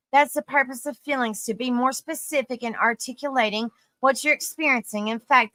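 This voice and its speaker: Hosting a live stream while tired, a woman reads an article aloud, trips over difficult words, and warmly calls her viewers sweetie and honey. Her voice is fairly high with a sharp tone, and the recording has no echo.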